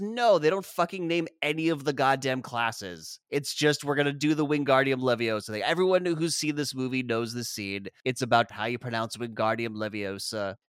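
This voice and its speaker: A man's voice: medium pitch, a bit bright, clean tone, no echo, studio quality. A man from South Africa hosting a casual podcast, recapping a film with wry, sarcastic swearing. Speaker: podcast host.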